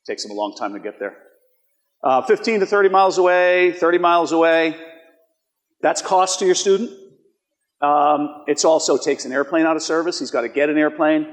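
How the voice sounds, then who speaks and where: Fairly high-voiced man presenting in a reverberant hall. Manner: conversational, asks the audience rhetorical questions. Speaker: conference presenter. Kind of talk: live presentation with audience polls. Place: conference hall. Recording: long reverb of a large hall.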